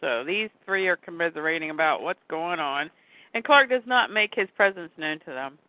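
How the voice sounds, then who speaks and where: A woman co-hosting a casual chat, reading comic book dialogue aloud in an animated way and acting out the lines. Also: lowish voice, normal speed, dry recording. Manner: animated, acts out lines in voices. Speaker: podcast co-host. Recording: tinny phone-like, dry sound.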